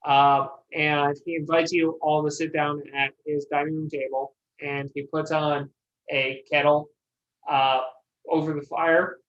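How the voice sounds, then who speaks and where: A game master narrating a tabletop game in a halting way, with many pauses and restarts. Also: medium pitch, level tone. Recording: dull lo-fi audio.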